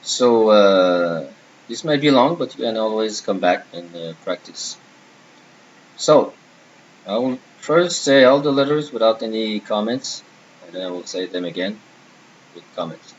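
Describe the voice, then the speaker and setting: A man teaching a French lesson, slowly and deliberately pronouncing letters and repeating sounds for learners. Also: fairly low pitch, animated. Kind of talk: patient language lesson. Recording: dull lo-fi sound with faint hiss.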